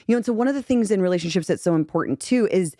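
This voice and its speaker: A woman's voice: mid-range voice, lively intonation, rapid-fire, dark tone, no room sound, clean studio sound. A woman relationship coach explaining in a podcast interview, earnest and acting out little examples.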